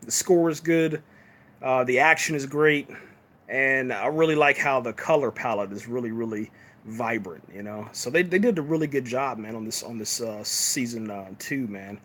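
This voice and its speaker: Casual male streamer reviewing episodes, relaxed and rambling, with a bright, forward tone. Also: medium pitch, normal speed, slight background noise. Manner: laid-back, peppers talk with "man" and fillers. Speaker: TV show reviewer on a live stream. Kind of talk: casual live chat review.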